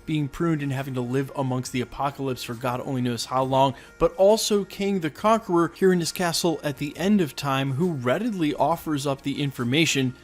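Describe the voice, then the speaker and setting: A man hosting a fan recap and breakdown video, talking with energy and explaining details point by point. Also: on the high side. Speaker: host.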